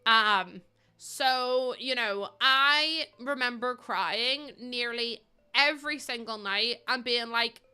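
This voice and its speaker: A woman's voice: a little high, slow pace, bright, forceful tone, smooth, faint music behind. A young woman from the UK or Ireland chatting casually with livestream viewers in a rambling, exasperated way, with frequent ums.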